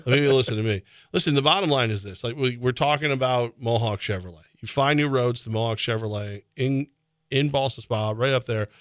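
A man hosting a sports radio show, excitable and rambling, often laughing as he talks. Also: medium pitch, brisk, dry recording, clean studio sound. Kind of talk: casual sports radio banter. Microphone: studio microphone.

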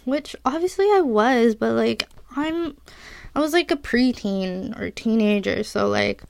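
A woman's voice: on the high side, lively intonation, a little slow, gravelly, clear, resonant tone, no echo. A young woman hosting a podcast, telling a personal story in a confessional, giggly way, with lots of "like". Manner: confessional, giggly, says "like" often. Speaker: podcast host.

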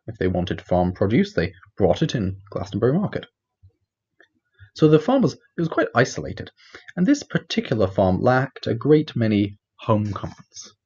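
A man's voice: on the low side, darkish tone, husky, dull audio, exaggerated voice. A man voicing an old male wizard narrator in a put-on Welsh accent, with a lingering, sing-song storybook delivery.

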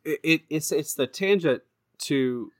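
A man's voice: fairly high pitch, dry recording. Reflective man, dry close sound. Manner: reflective, halting, with restarts. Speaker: podcast co-host. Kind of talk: faith discussion podcast.

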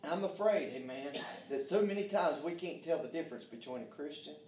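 Fervent preacher in echoey room. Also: male voice, on the high side, animated, fairly quick, a little hiss or hum. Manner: fervent, calls out amen, drops to hushed tones. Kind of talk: sermon. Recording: echoey room, mic far off.

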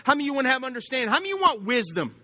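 High-voiced preacher. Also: male voice, big pitch swings, rapid-fire, pushed and bright. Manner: conversational, asks the congregation questions. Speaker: pastor. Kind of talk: sermon. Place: church.

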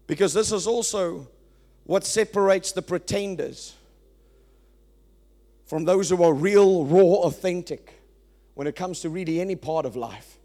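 Pastor, high voice, emphatic sermon delivery that swells and drops. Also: male voice, measured pace, long pauses. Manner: emphatic preaching, swings from loud to quiet.

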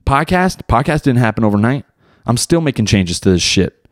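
A young American man, a podcast host who is also a beginner stand-up comic, talks solo on his own show in a loose, rambling way, packed with slang and swearing. His medium-pitched voice is very animated and brisk, recorded in clean studio sound with no room echo.

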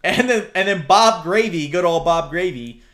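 A man's voice: sits high, lively intonation, normal speed, a bit bright. Male co-host, loose and profane, rambles through movie recaps. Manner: rambling, profane, laughing retelling. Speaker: podcast co-host. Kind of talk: casual movie review chat.

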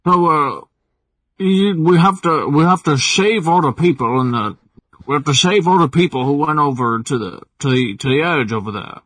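A man's voice: a little high, normal speed, a bit bright, no echo, far from the mic. A man putting on a Scottish-tinged lisping voice for an urgent adventurer. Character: male adventurer with a hammy Scottish-tinged lisp.

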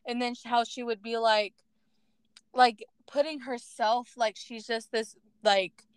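A young woman co-hosting a podcast, casually retelling a movie with animated acted-out quotes and lots of fillers. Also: fairly high pitch, unhurried, clean tone, no echo. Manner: animated storyteller, acts out quotes, many fillers. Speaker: podcast co-host. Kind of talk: casual chat.

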